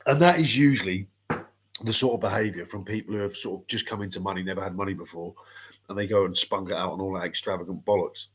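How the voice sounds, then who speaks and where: A man's voice: sits low, fast, slight background noise. A middle-aged man, a boxing pundit ranting bluntly and swearing freely in casual panel chat.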